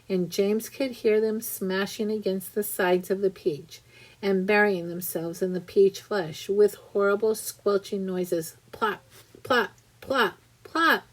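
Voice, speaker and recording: Slow, deliberate woman reading a story. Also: medium pitch, a little mellow, rough recording. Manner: slow, deliberate, with small restarts. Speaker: reader. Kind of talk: audiobook narration.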